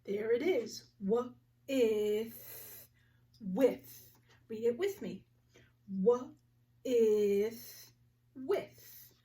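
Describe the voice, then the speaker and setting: A woman teaching a phonics lesson to young children, slowly sounding out each word with clear articulation. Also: a little high, lively intonation, dark tone, recorded from a distance.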